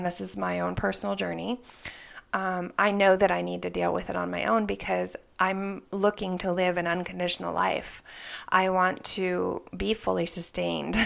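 A woman telling a personal spiritual story in an earnest, soft way, often dropping into a whisper. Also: lowish voice, creaky. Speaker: spiritual vlogger.

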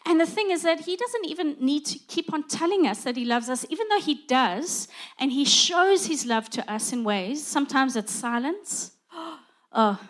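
A woman's voice: high-pitched, animated, moderate pace, a bit bright. A middle-aged woman preaching a conversational sermon, acting out little dialogues as she goes.

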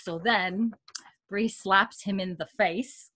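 A woman's voice: medium pitch, slow. Woman animatedly retelling a TV episode. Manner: animated retelling, acting out quoted lines, swearing and laughing. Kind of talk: casual recap of a TV episode.

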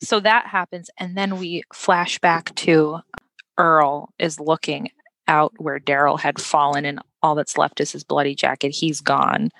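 A young woman co-hosting a casual chat about a film, talking in a chatty, animated way with lots of fillers and laughter. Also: low-pitched, a little slow, vocal fry, no echo. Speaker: podcast co-host.

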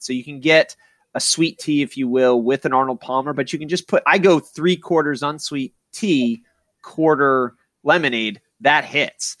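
A man's voice: fairly high pitch, a bit bright, no echo. A man hosting a podcast in casual, profane, rambling chat. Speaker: podcast host.

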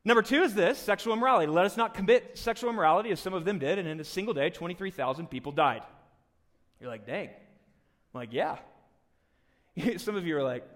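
A male pastor with a fairly high voice preaches a live sermon, animated and jokey. He swings from loud, punchy emphasis to hushed, quiet lines. His words ring out with a long reverb tail from a church hall.

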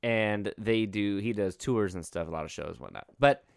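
A man's voice: lowish voice, normal speed, vocal fry, clear, resonant tone, dry recording, clean studio sound. A man co-hosting a casual podcast, rambling and joking with plenty of fillers and restarts. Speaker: podcast co-host.

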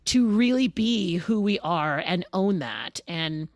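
Expressive woman guest with a low voice. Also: takes it slowly, no room sound, studio quality. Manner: expressive, laughs as she talks, acts out quotes. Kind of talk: conversational interview.

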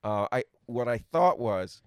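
A man's voice: mid-range voice, expressive, a little slow, clear, resonant tone, dry recording, studio quality. A man co-hosting a casual chat, teasing his partner and playing devil's advocate. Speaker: podcast co-host.

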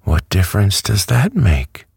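A man voicing a brisk, self-assured talking hen, with a cackling manner and a raised, husky voice in a storybook reading. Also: lowish voice, wildly swooping pitch, a little mellow, no room sound, clean studio sound, pitched above the performer's own voice, exaggerated voice. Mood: matter-of-fact. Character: chatty, matter-of-fact talking yellow hen, female.

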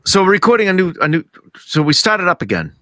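A man hosting a casual podcast, excitable and quick to swear. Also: high voice, no echo. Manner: excitable, swears freely, laughs often. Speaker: podcast host. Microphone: home studio mic, remote recording.

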